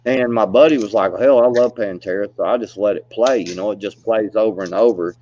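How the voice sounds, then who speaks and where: A man's voice: fairly low pitch, fairly quick, dark tone, slight background noise. A man telling stories in a casual chat, laid-back and rambling, laughing often and filling gaps with "you know". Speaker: storyteller. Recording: dull, dry lo-fi recording.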